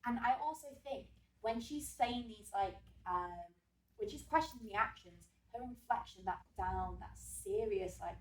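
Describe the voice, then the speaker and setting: A woman's voice: mid-range voice, normal speed, far from the mic, a little hiss or hum. A woman drama teacher giving an exam revision lesson, chatty and full of fillers, who checks in with her class. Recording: echoey room, voice off-mic.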